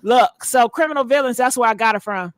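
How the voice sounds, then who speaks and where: A woman's voice: a little high, fairly quick, dry recording, clean studio sound. A woman hosting a commentary vlog, chatty and slangy, talking straight to her viewers. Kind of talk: casual commentary.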